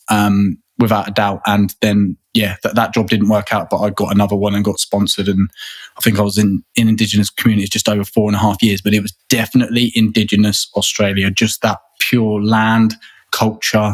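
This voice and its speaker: A man, a guest in a casual interview, talking earnestly and rambling, often repeating words and restarting. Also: on the low side. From England.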